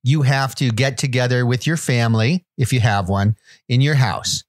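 A man co-hosting a comedy podcast, talking in a deadpan, mock-authoritative way. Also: medium pitch, moderate pace, dry recording. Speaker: podcast co-host. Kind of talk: comedic casual chat.

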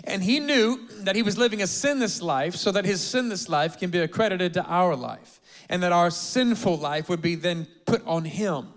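A man preaching a lively, humorous sermon as pastor in a church auditorium, rallying the congregation. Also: high-pitched, moderate pace. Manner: energetic, humorous, rallies the congregation.

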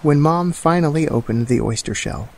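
A man narrating a children's bedtime story in a slow, calm and soothing way. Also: a little high, creaky. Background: soft music.

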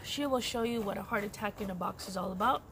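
In a fast, fairly bright mid-range voice, a middle-aged woman talks candidly on her personal crochet vlog. It's casual chat with frequent laughter, and the recording has background noise.

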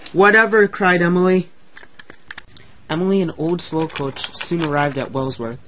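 A man narrating a homemade toy-train story in a plain, slightly hurried reading voice. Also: fairly high pitch, a little hiss or hum.

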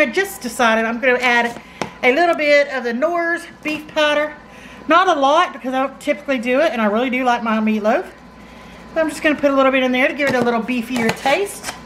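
A woman's voice: high voice, fairly bright tone, slight background noise, poor audio. A middle-aged woman with a Southern US accent, chatting folksily while demonstrating a recipe in her home kitchen. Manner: folksy, chatty, says y'all. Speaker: cooking channel host. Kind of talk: casual cooking demonstration.

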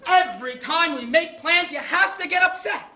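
A woman's voice: extremely high pitch, moderate pace. A woman playing a blustering old male caterer. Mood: bossy reassuring. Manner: blustering, shouts often. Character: loud, bickering older male American caterer. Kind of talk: stage play acting. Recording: echoey stage room.

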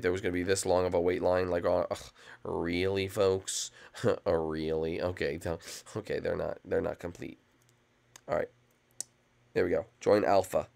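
Gravelly young man rambling over gameplay. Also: low voice, a little mellow. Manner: rambling, lots of "like" and "folks". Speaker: gaming YouTuber. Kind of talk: casual game commentary.

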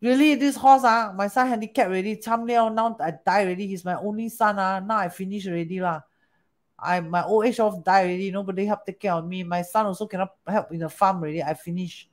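A woman playing an anxious, excitable village farmer in broken colloquial English with a Singaporean accent. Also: high voice, quick pace, lightly acted. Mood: distraught.

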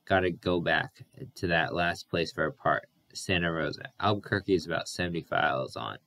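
A man voicing a calm, practical young man who speaks in a drawling rural way. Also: low voice, moderate pace, vocal fry, full character voice.

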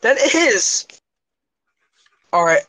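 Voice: medium pitch, sing-song, extremely slow, bright, forceful tone, no echo. A player in a casual gaming chat who swears a lot, laughs often and exclaims at the others.

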